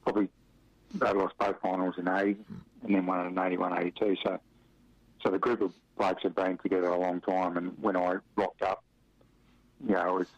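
With a deep voice and flat delivery, a middle-aged man from Western Australia talks fairly quickly through football-career stories in a relaxed interview. He rambles, chuckles and uses a lot of fillers, and the dry radio recording sounds dull and lo-fi.

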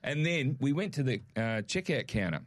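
A man with an Australian accent, co-hosting a casual show and telling a lively shopping story, acting out the voices in his quotes. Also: medium pitch, normal speed, dry recording, studio quality. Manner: animated, acts out quoted voices. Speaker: podcast co-host.

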